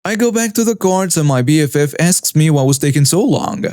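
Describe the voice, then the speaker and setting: Dry, higher-pitched male storyteller. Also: lively intonation, brisk, a little mellow, no room sound. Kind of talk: scripted first-person story narration.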